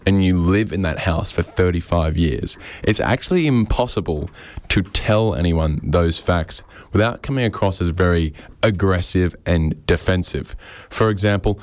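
Brief: dry-witted stand-up comic, low register, deadpan, recorded dry. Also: male voice, normal speed, no echo. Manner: deadpan, rambling, self-deprecating. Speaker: comedian. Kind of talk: stand-up comedy monologue on radio.

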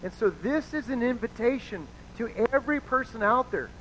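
A man's voice: very high voice, animated, moderate pace, a bit bright. A man preaching a conversational sermon as pastor, casual and chatty, acting out the people he quotes. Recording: dull lo-fi sound with faint noise.

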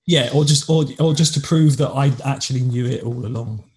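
A man's voice: mid-range voice, brisk, darkish tone. Chatty English man co-hosting a podcast. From England. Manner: chatty, rambling, with frequent restarts. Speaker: podcast co-host. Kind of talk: casual chat.

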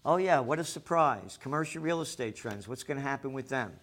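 A man hosting a commentary show, ranting sarcastically with lots of profanity, swinging between shouting and muttering. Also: medium pitch, expressive, a little fast, slight background noise. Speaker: show host.

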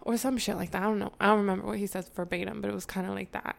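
A woman's voice: medium pitch, steady tone, very fast, creaky. A woman vlogger telling a candid, slangy story to her viewers, laughing often and wandering off on side remarks. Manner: chatty, digresses, addresses viewers.

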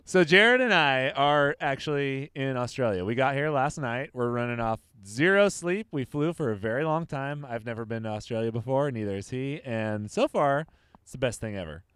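A man's voice: medium pitch, expressive, normal speed, a bit bright, clean tone, no room sound. A male podcast host chatting casually in a goofy, jokey way. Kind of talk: casual chat.

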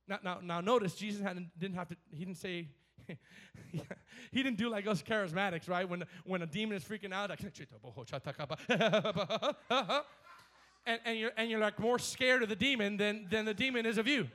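A man with a notably high voice delivers a lively church sermon. He talks fast and excitedly, repeating words as he builds up, and he acts out scripture passages with laughter. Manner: energetic preaching, repeats words, dramatizes scripture quotes with laughs. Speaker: pastor.

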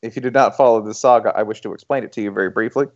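A man hosting a casual sports podcast, telling a story with animated delivery. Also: rapid-fire. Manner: animated storyteller, bursts into high mocking voices. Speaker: podcast host. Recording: dull lo-fi podcast audio.

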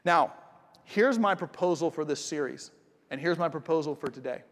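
A pastor preaching a sermon, talking conversationally and directly to the congregation. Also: male voice, on the high side, moderate pace, a bit bright. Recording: long hall reverb.

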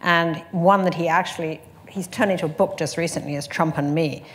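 A woman magazine editor in a panel conversation, telling brisk, chatty anecdotes and laughing often. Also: deep voice, fairly even intonation.

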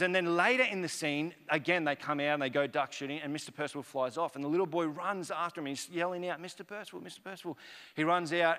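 A man's voice: a little high, bright, forceful tone. A man in his thirties, a pastor telling a personal story in a sermon, conversational and rambling with many restarts. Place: church auditorium. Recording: reverberant church hall.

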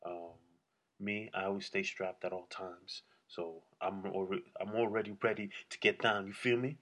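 A man vents on his own to camera in a loose, rambling monologue. His voice sits low with a husky edge, and his manner stays blunt and heavy on swearing. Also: fairly even intonation, normal speed, a bit bright. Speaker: solo vlogger. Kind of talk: casual solo rant.

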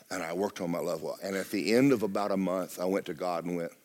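A man preaching a sermon as pastor, swinging from loud exclamations to hushed, near-whispered lines. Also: deep voice, quick pace, hardly any pauses.

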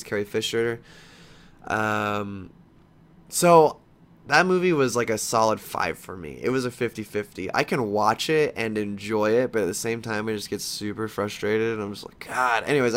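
A young man giving a casual, animated movie review, swearing often and breaking into frustrated outbursts. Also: mid-range voice. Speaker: vlogger.

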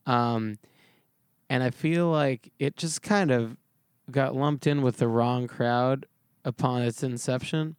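A man's voice: mid-range voice, slow pace, smooth, no echo. A man co-hosting a casual podcast, throwing in dry teasing wisecracks. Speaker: podcast co-host. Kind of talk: casual chat.

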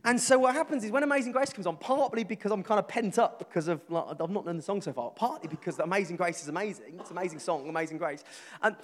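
A man with a Birmingham accent preaching a sermon, telling a funny story about a friend with animated, self-mocking delivery. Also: sits high, quick pace, big-room sound. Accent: Birmingham English.

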